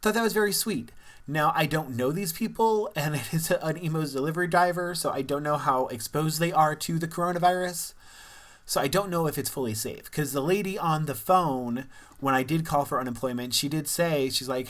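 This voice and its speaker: A man's voice: fairly high pitch, fairly quick, a bit bright. A young man from Missouri talking candidly in a casual personal vlog, rambling and laughing now and then. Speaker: vlogger.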